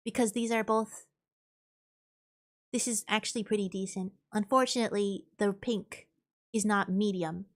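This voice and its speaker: A woman's voice: mid-range voice, fairly even intonation, moderate pace, long pauses. A woman streamer chatting casually while gaming, thinking aloud and answering chat.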